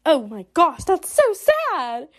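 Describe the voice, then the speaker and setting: A woman plays through a story game and keeps up a giggly, chatty commentary. Her voice sits high and swings widely in pitch. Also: wildly swooping pitch, slow pace, fairly bright tone. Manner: giggly, chatty, reacts aloud. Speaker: gamer playing a story game. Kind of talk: casual let's-play commentary.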